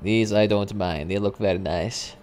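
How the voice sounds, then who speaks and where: Young man, game streamer, casual live commentary, swears a lot, excitable reactions. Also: on the low side, normal speed, faint music behind.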